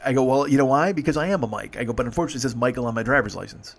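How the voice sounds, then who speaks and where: A man's voice: medium pitch, racing, hardly any pauses. A man, a rideshare driver, casually telling stories and acting out dialogue, swearing freely. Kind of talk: casual storytelling monologue.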